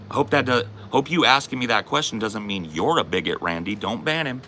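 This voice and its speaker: Man, deep voice, sharp forceful tone, profane, taunting, confrontational comic rant. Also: lively intonation, brisk, hardly any pauses, a little hiss or hum. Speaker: comedy podcast host.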